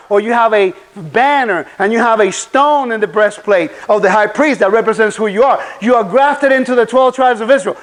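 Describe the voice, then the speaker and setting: A man's voice: sits high, fairly bright tone, low-quality recording. A man giving a conference sermon, preaching animatedly and putting rhetorical questions to the audience. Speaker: conference speaker. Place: conference hall.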